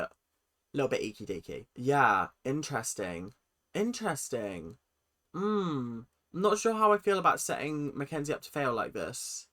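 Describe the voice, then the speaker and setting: A person hosting a casual reaction video, chatty, opinionated and at times sarcastic. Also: medium pitch. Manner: animated and opinionated, sometimes sarcastic.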